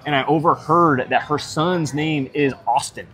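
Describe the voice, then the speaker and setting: A man's voice: a little high, a little slow, fairly bright tone. Young man, casual pub chat, joking, swears freely. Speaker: co-host of a live stream. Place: Irish pub.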